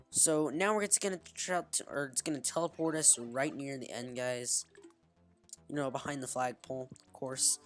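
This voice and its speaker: A woman giving casual, rambling gameplay commentary, restarting her sentences and calling out to "guys.". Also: a bass voice. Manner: rambling, frequent restarts, keeps saying "guys". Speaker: gaming video creator. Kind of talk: casual let's-play commentary.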